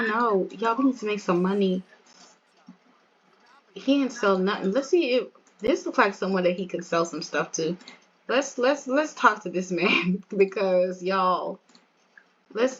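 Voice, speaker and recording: A woman giving casual gameplay commentary, excitable, exclaiming and laughing as she talks straight to her viewers. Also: mid-range voice, husky, muffled recording. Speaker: let's play gamer.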